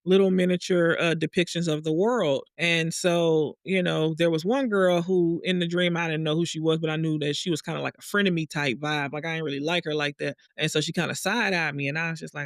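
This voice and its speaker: A woman telling a dream story in a casual monologue, acting out the other people in higher voices. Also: steady tone, a little fast, few pauses, no room sound, studio quality. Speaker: vlogger sharing a dream and astrology.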